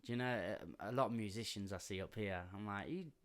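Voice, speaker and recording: A man's voice: lowish voice, fast talker. A man hosting a podcast in casual chat, talking freely with British slang and frequent laughter. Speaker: podcast host.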